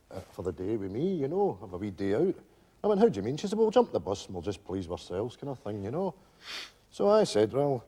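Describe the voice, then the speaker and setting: An old Scottish widower, a meandering storyteller who piles up fillers and asides. His voice sits low, dark and husky, but his pitch swings animatedly. It rings out on a theatre stage with a long reverb. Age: older. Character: elderly widowed male pensioner, rambling storyteller. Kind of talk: live stage sitcom acting.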